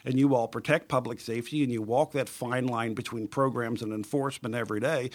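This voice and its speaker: A man hosting an interview, telling stories with emphatic, lively delivery. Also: mid-range voice, fairly quick. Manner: animated storytelling, emphatic.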